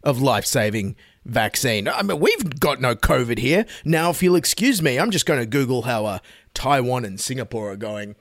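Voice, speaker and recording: A man's voice: medium pitch, expressive, normal speed, no room sound, studio quality. An Australian man hosting a satirical news show, delivering sarcastic, mock-outraged commentary.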